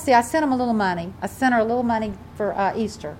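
A woman's voice: fairly high pitch, fast talker, a little mellow, slight background noise. An older woman, a grandmother, preaching a fervent sermon and telling a family story to her congregation. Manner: fervent, preaching with rising emphasis. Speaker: pastor.

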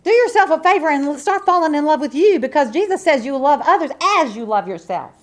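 A woman preaching a sermon, emphatic and repetitive, with folksy asides to the congregation and swings from loud to soft. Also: high-pitched, expressive, fast.

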